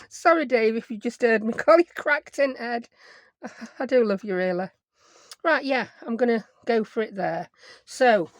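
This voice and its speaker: A woman's voice: mid-range voice, dry recording, studio quality. Rambling woman, craft vlogger, self-mocking home chatter. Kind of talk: casual chat while crafting.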